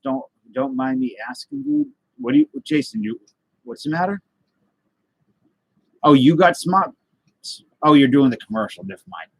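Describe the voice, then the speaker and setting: A man's voice: fairly high pitch, very animated, normal speed, creaky, pauses often, breathy edge, low-quality recording. A man hosting a casual live stream, rambling loosely and greeting viewers by name as he reads their comments. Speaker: livestream host.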